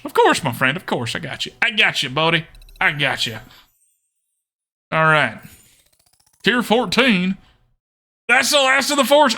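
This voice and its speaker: A man's voice: high voice, pushed and bright. A man streaming a card game in a playful put-on Texan drawl, joking with his chat and laughing often.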